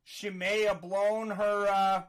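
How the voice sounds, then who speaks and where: A man giving excited live play-by-play fight commentary, rising to shouts at big moments. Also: high-pitched, slow, smooth.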